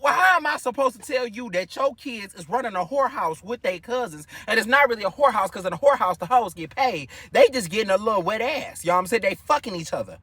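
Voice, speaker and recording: A young man, a storyteller vlogger, tells a family story in a lively, gossipy, foul-mouthed casual storytime monologue. His high voice swings widely in pitch and sounds bright and sharp. The audio is dry and close-miked, with no room sound.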